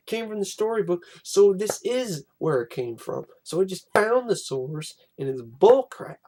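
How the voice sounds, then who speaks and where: A young man giving a casual, exasperated film commentary, animated and swearing freely. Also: high voice, moderate pace, hardly any pauses. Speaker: film reviewer.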